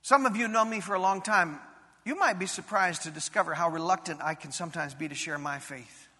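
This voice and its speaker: A man's voice: high-pitched, fairly quick, sharp tone, husky. A male pastor preaching a sermon, telling a personal story in an earnest, confessional way that builds to fervent emphasis, recorded in a church sanctuary. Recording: long reverb in a large hall.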